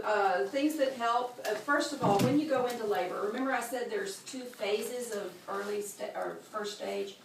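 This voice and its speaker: A woman with a gravelly, mid-range voice runs a hands-on childbirth class in a birth center classroom, using gestures to show each move while she explains it. The room echoes, the mic sits at a distance, and there's slight hiss or hum.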